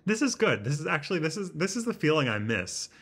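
A man talking to his laptop camera in a house, halting and self-deprecating, searching for his words, with a slightly constricted sound in his throat. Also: a little high, big pitch swings, fairly bright tone, breathy edge. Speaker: vlogger. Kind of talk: rambling self-conscious vlog. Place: indoors in a house. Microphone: laptop webcam.

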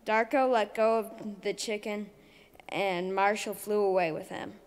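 A woman reading her own story poem aloud at a reading event, slow and deliberate. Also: medium pitch, steady tone. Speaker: poetry reader. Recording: long hall reverb.

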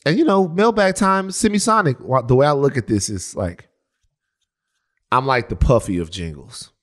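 A man's voice: mid-range voice, animated, normal speed. A man co-hosting a podcast in casual chat, playful and given to singing his own jingles. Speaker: podcast co-host.

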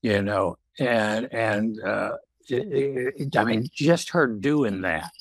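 An older man speaking slowly and haltingly in a reflective podcast conversation, pausing often and restarting his sentences. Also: fairly low pitch, no echo. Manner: slow, halting, with many pauses and restarts. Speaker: guest.

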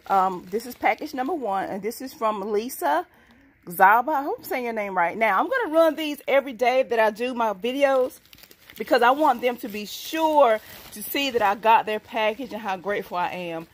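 A woman chatting excitedly to her viewers in a casual vlog, at times speaking from farther off the mic. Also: a little high, normal speed. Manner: excitable, addresses viewers as y'all. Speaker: couponing vlogger. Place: inside a store, then at home.

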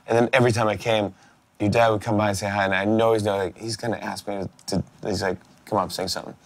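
A man hosting a talk show, chatting casually and telling stories excitably. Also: lowish voice, quick pace. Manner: excitable, animated storyteller. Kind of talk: casual chat.

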